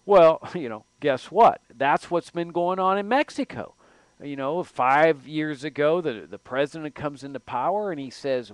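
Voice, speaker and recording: Brief: male host, political monologue, fairly high voice, dry close sound, emphatic with restarts. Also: very animated, moderate pace, no room sound. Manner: emphatic, repeats words and restarts, rhetorical questions. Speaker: show host.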